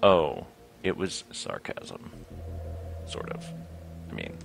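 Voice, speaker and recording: Deep-voiced gamer joking over a game. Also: male voice, very animated, takes it slowly, gravelly, soft background music. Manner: joking asides, self-mocking. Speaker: let's play gamer. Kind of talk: casual game commentary.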